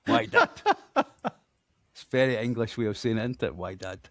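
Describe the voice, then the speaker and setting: His medium-pitched voice swoops wildly, with no echo, as this Scottish-accented man from Scotland hosts a podcast quiz. Chatty and self-deprecating, he takes his time reading out names.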